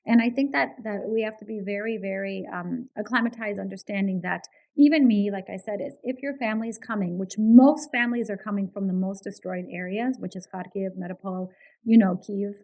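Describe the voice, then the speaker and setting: A woman's voice: mid-range voice, fairly quick, mellow, poor audio. A woman guest on a podcast, a behaviour analyst, talking in earnest, casual interview style and often checking in with "right?". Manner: earnest, repeats words, says "right?" often.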